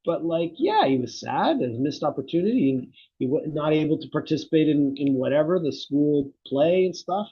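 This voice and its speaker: A man's voice: fairly high pitch, animated, normal speed, breathy edge, lo-fi sound. A middle-aged man, a psychotherapy researcher, speaking reflectively in an interview and telling stories with animation. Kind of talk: conversational interview.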